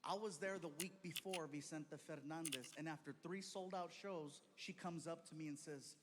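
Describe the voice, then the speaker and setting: Male stand-up comic, storytelling, fairly high voice, animated, noisy recording. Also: moderate pace, big-room sound. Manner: animated, acts out every character. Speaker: stand-up comedian. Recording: stand-up recording with clear background noise.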